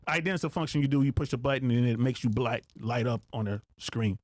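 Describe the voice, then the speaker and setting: A man's voice: mid-range voice, fairly quick, dry recording. A man, a podcast guest who works as an air traffic controller, telling stories casually with lots of swearing and acting out radio calls. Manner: profane, animated, acts out radio calls.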